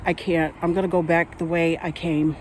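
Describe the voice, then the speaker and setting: A woman's voice: on the low side, little pitch movement, moderate pace, a little hiss or hum, rough recording. A nervous woman filming herself on a wooded hiking trail on her phone, talking to herself and laughing anxiously. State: anxious, near panic. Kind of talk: self-filmed hiking vlog. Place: outdoors on a wooded nature trail. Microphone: phone held while walking.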